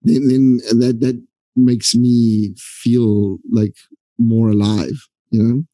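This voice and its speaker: A man hosting a casual podcast conversation, searching for words in halting phrases full of fillers. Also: medium pitch, fairly even intonation, mellow, no room sound, rough recording.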